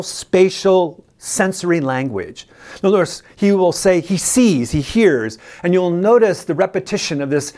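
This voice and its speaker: A preacher teaching a sermon on scripture, speaking emphatically and deliberately. The preacher repeats words for stress and puts questions straight to the listeners. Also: mid-range voice, a little mellow. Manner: addresses listeners directly with questions.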